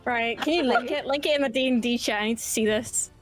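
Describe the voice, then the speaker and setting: Young-sounding woman, fairly high voice, rambling with many fillers. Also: fast, faint music behind. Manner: rambling, lots of "like". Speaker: player. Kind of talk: casual chat.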